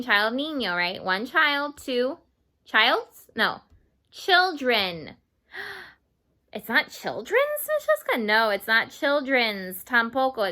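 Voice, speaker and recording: Slowly and patiently, a woman teaches English grammar to Spanish-speaking children, repeating each word and slipping in Spanish glosses. Her voice sits on the high side and sounds bright and forceful.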